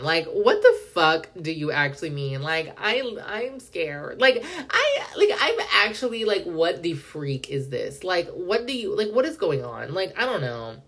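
A young woman hosting a podcast, ranting in a casual, profane monologue full of "like" and indignant outbursts. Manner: fast, profane, heavy use of "like", indignant; pitch jumps up when worked up. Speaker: podcast host.

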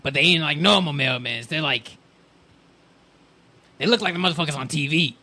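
A man's voice: a little high, normal speed, bright, forceful tone. Man doing a frantic talking dog. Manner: frantic, blurting, repeats himself. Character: excitable male talking dog, easily distracted.

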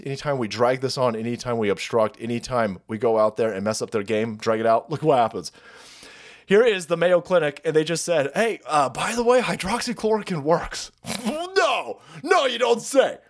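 A man's voice: medium pitch, a little mellow. A man hosting a live stream, ranting in a profane, sarcastic way. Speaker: streamer host.

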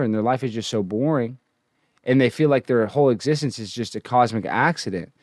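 A man's voice: medium pitch, no echo, clean studio sound. A man hosting his own livestream, rambling and ranting casually between hyped announcements. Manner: rambling, animated, hyped intro then ranting. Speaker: livestream host.

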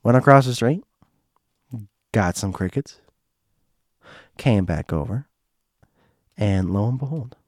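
A man hosting a podcast, telling a casual anecdote in a rambling, animated way and jumping higher when he quotes himself. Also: slow, pauses often, no echo, studio quality. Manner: animated, rises in pitch when quoting himself; rambling, with many fillers. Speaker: podcast host.

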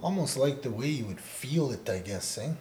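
Co-hosting a casual podcast where he teaches Odawa, this man talks at a moderate pace in a medium-pitched voice, with a little hiss or hum in the recording. Laid-back, he often ends phrases with "eh?" and gets loud and laughs while telling stories.

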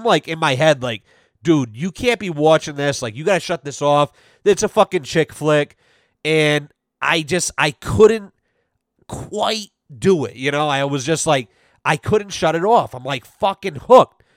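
A man's voice: on the high side, no room sound, clean studio sound. A young adult man hosting a podcast, telling a rambling, profanity-filled story in casual chat. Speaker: podcast host.

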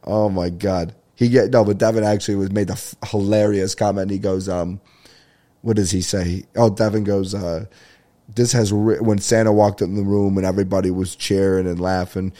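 Low, dark-voiced man gushing casually. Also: steady tone, normal speed. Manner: enthusiastic, profane, rambling storyteller. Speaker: stand-up comedian and podcast host. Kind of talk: casual solo podcast chat.

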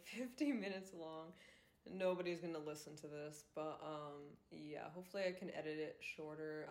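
A young woman talks through her own podcast episode in a loose, rambling way, dotted with "like" and "um". Her voice sits a little low for a woman, and the room rings with noticeable echo. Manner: candid, rambling, many fillers like "like" and "um". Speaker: podcast host and influencer. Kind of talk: casual solo podcast monologue. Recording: roomy echo.

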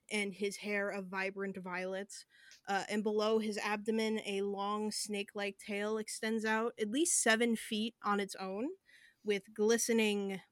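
A woman's voice: medium pitch, no echo. A woman running a tabletop game as game master, narrating in a vivid, descriptive way with some fillers.

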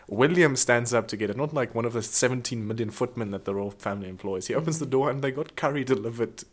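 A man co-hosting a casual comedy podcast, telling stories in an animated, chatty way and slipping into playful impressions. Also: medium pitch, quick pace. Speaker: podcast co-host.

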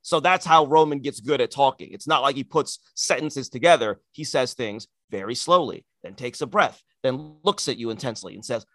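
An opinionated male co-host in casual talk, animated and sarcastic as he argues his point. The sound is dry and close. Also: fairly high pitch, a little fast, hardly any pauses, no echo. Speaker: podcast co-host. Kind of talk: casual wrestling chat.

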